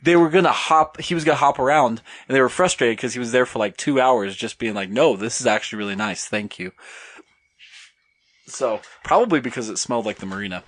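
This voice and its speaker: A young man telling a story as a podcast guest, with lots of ums and pauses. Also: mid-range voice, fairly bright tone, no echo. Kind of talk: casual podcast chat.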